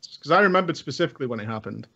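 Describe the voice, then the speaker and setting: A man, a guest in casual podcast chat, relaxed and joking as he tells stories. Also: medium pitch, racing, vocal fry, dull audio. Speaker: guest gamer.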